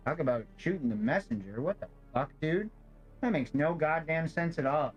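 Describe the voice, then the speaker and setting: A male streamer chats over his game in a loose, profane style, ranting with plenty of exasperated swearing. He sounds overheated and fed up from sitting in a stuffy apartment. His voice is slightly high, with faint game music playing behind him. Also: animated, normal speed, slightly rough, dull audio. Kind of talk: casual gameplay commentary and dialogue reading. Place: hot apartment.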